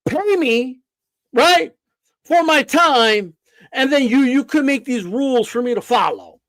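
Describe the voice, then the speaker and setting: High-voiced man ranting on a stream. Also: lively intonation, a little slow, a bit bright, dry recording. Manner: profane, repetitive, defiant; stammers and restarts. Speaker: boxing streamer. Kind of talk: live-stream rant.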